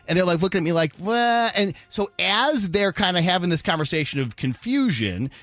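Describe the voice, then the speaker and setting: A man's voice: sits high, lively intonation, fairly quick, a bit bright, no room sound. A man hosting a radio morning show, telling a story in casual on-air chat and acting out both sides of the dialogue. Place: radio studio.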